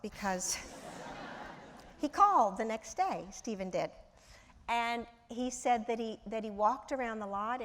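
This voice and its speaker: A woman in her sixties, an actress guest telling lively anecdotes with laughter in an onstage interview. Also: fairly high pitch. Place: large auditorium. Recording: long hall reverb.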